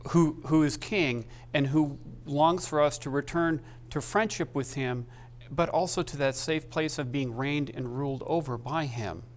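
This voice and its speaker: Speaking into a mic in a slightly high voice, a male pastor delivers a sermon with emotion, his halting delivery full of restarts.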